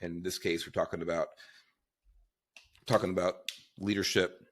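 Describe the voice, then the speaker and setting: A man's voice: sits low, little pitch movement, moderate pace. A man hosting a casual talk show, opinionated and sarcastic, rambling with frequent restarts. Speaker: podcast host.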